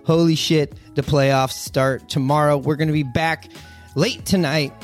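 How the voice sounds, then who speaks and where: A man's voice: on the high side, steady tone, unhurried, faint music behind. A man hosting a podcast in a loose, rambling way, full of fillers and the odd curse, from a memorabilia-filled room at a friend's house. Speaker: podcast host. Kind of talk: casual podcast chat.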